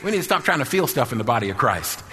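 A male preacher, preaching a sermon in a shouting, sing-song style with bursts of laughter. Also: mid-range voice, sing-song, rapid-fire, big-room sound.

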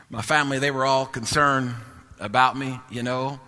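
A man's voice: mid-range voice, normal speed, bright, forceful tone, long reverb tail. A man preaching a testimony sermon with emphatic, repetitive phrasing that builds to sung-out peaks.

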